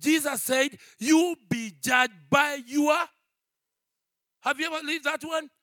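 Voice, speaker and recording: A man, a pastor, preaching a sermon that moves from quiet storytelling to shouted exhortation, repeating phrases and calling out to his congregation. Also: very high voice, steady tone, takes it slowly, no room sound, studio quality. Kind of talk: preaching a sermon with a personal testimony.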